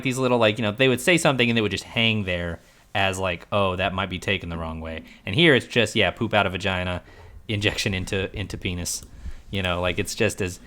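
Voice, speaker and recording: A young man co-hosting a casual movie review podcast, animated and acting out lines from the film. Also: sits low. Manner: animated, acts out film lines in quick impressions. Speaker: podcast co-host.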